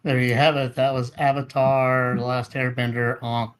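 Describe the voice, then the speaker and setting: A man's voice: medium pitch, little pitch movement, moderate pace, slight background noise. A man co-hosting a podcast, giving a plain-spoken, slightly hesitant casual movie opinion. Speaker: podcast co-host. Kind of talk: casual movie review chat.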